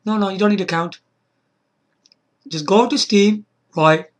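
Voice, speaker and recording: A man making an excited casual video, beatboxing between lines and breaking into high shouts. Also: a little slow. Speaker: YouTuber.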